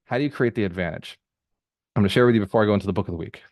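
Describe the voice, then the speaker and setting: A real estate mentor hosts a group call, talking fast in a lowish voice with energetic, conversational, rapid-fire motivation and repeated phrases. The audio is studio quality with no room sound.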